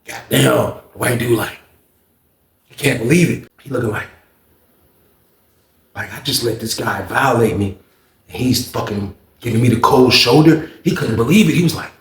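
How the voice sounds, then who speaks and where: A man telling a story in a casual, animated, profane way, full of repetition. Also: medium pitch, normal speed, pauses often, echoey room.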